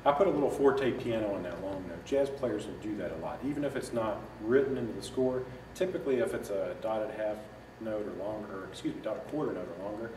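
A man's voice: lowish voice, fairly quick. A man giving a patient, step-by-step music lesson, sometimes singing phrases in scat syllables. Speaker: music teacher. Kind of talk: instructional walkthrough. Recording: echoey room from a distance with noise.

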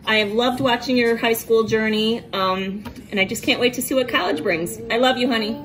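A woman's voice: on the high side, a little fast, poor audio. A woman giving a tender, heartfelt message.

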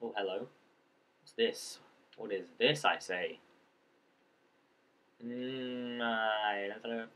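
A man's voice: on the low side, slow, long pauses, a bit bright, smooth. A man giving casual let's-play commentary, rambling and joking and talking to the creatures in the game as he plays. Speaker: gameplay commentator.

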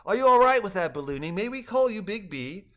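An older man voicing Gerald, an excitable storybook character who talks in an animated way. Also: high-pitched, brisk, pitched above the performer's own voice. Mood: excited.

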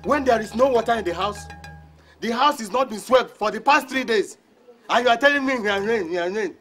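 A man's voice: high-pitched, expressive, fairly quick, a bit bright. An actor with a Nigerian accent playing a stern middle-aged father who scolds his daughter. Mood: scolding. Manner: scolding, exasperated. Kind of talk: Nollywood film acting. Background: film score music.

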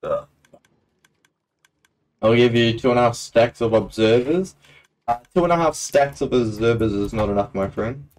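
A man's voice: medium pitch, moderate pace, pauses often, darkish tone. A young man chatting casually while live-streaming a game, laughing often and breaking into playful auctioneer calls. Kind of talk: live gameplay stream commentary.

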